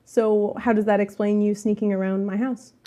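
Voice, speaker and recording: A woman's voice: medium pitch, little pitch movement, normal speed, mellow, close to an everyday voice. A woman voicing a suspicious middle-aged male history teacher and father who questions a sneaking kid.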